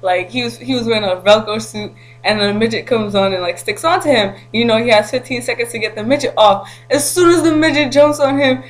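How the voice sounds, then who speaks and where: A woman vlogging to camera, telling a story in an animated, slangy way with frequent laughter. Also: on the high side, a little fast, hardly any pauses, poor audio.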